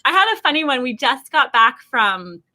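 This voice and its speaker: Woman, thirties, bright voice, fairly high, animated storyteller, laughs often. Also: moderate pace. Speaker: guest, language course founder. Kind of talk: casual storytelling interview.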